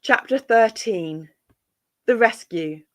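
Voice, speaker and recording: A woman reading a classic children's story aloud in a calm, measured way. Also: fairly high pitch.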